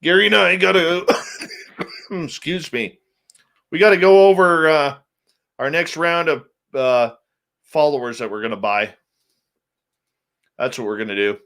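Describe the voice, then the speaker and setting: A man's voice: a little high, measured pace, long pauses, fairly bright tone. A man hosting a radio show, chatting casually with his live viewers, greeting them by name and muttering asides to himself.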